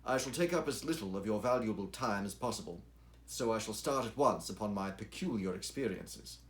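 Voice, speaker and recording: Un hombre que lee como un joven ingeniero formal. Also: male voice, lowish voice, expressive, a little fast, natural voice. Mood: earnest. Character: young, struggling, earnest male engineer.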